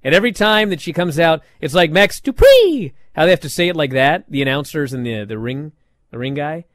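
A man casually recapping a wrestling show on a podcast, telling it with lots of uh's and quick asides. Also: on the high side, no room sound. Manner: animated storytelling with frequent fillers.

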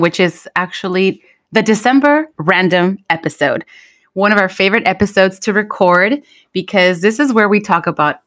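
A woman co-hosting a podcast in casual chat, a native Spanish speaker who laughs often while telling stories. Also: on the low side. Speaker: podcast co-host.

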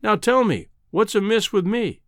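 A man's voice: sits high, lively intonation, moderate pace, no room sound, clean studio sound, pitched above the performer's own voice. A man reading a novel aloud, voicing an earnest, impulsive young man pleading his love. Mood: eager.

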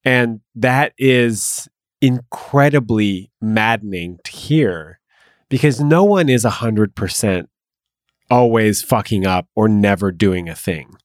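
A man's voice: fairly low pitch, slow pace, no room sound. Male podcast host, thoughtful and hesitant, dry close sound. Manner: reflective, searching for words. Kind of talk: podcast conversation.

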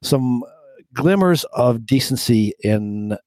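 A man co-hosts a sports podcast and speaks like an animated fan rattling off stats. His voice is dry and close, with no room sound behind it. He sits at a middle pitch. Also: slow pace, no room sound. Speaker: podcast co-host. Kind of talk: casual sports podcast chat.

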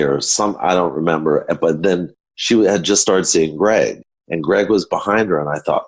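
An older man, a photographer guest, telling backstage anecdotes in an animated storytelling manner. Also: low-pitched, unhurried, husky. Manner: animated storyteller acting out quotes.

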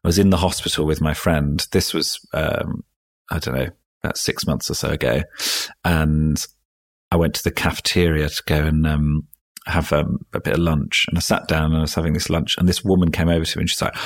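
A man's voice: low voice, quick pace. A man chatting as a podcast guest, telling self-mocking stories with lots of ums and restarts. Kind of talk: casual podcast chat.

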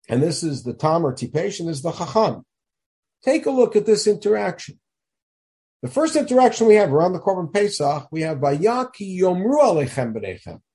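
A man leads a text study lesson, talking with emphasis and throwing questions at his listeners. His voice sits high and swings widely in pitch. The tone is mellow and a little husky. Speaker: Torah teacher.

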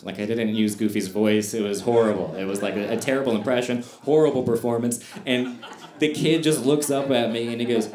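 A man's voice: mid-range voice, moderate pace, roomy sound, crowd noise. A man performing a stand-up comedy set, telling stories with self-deprecating, wry asides.

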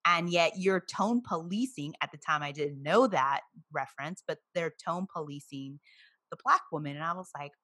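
Woman co-host, low voice with a bright forceful edge, emphatic storyteller. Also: moderate pace, no echo. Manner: storytelling, emphatic, laughs easily. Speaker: podcast co-host. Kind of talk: casual chat.

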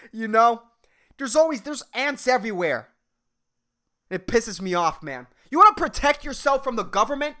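A man's voice: extremely high pitch, sharp tone. A young man hosting a podcast, rambling through a comedic rant full of slang and swearing, often laughing at his own jokes. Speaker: podcast host.

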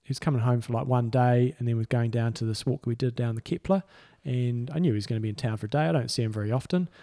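A man's voice: medium pitch, fast, warm tone. A man, co-hosting a podcast and telling laid-back stories in casual chat. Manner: laid-back storytelling, chuckles through anecdotes. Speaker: podcast co-host and triathlon coach.

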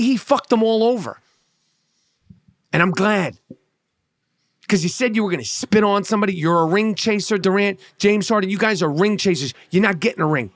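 A man's voice: high-pitched, no echo, studio quality. A male comedian delivering a heated, profane sports rant, blunt and sarcastic, stumbling over repeated words.

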